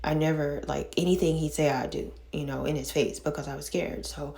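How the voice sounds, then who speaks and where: A middle-aged woman telling a painful personal story in casual talk, halting and full of fillers and restarts, sighing and shaken. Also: deep voice, steady tone, creaky, darkish tone. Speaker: vlogger telling her own story.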